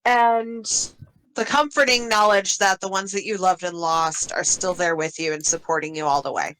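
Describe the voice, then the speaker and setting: A woman game master recapping the last session of a tabletop campaign in a relaxed way, laughing often between lines. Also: on the low side, normal speed, rough recording.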